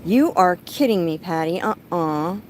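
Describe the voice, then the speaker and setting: A woman's voice: fairly low pitch, lively intonation, unhurried, slight background noise, poor audio. A middle-aged woman telling stories in a casual vlog, chatty and breaking off to talk to her pet bird. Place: rural home, outdoors.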